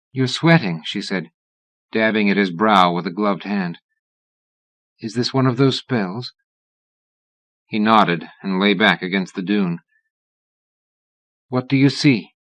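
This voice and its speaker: A man reading a horror novel aloud as an audiobook narrator, in a measured, even-toned way. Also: deep voice, dry recording.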